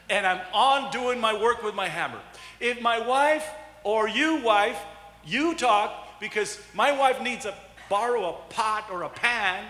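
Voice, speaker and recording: A man's voice: extremely high pitch, expressive, a little slow, sharp tone. A middle-aged male pastor preaching a sermon, joking with the congregation and acting out the voices he quotes. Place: church sanctuary. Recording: echoey church hall.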